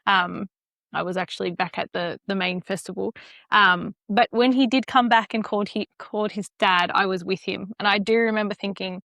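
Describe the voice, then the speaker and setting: A young woman from Australia, a podcast guest chatting in a relaxed way. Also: medium pitch, normal speed, vocal fry, dry recording, studio quality. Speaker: podcast guest, his wife. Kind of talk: casual conversation.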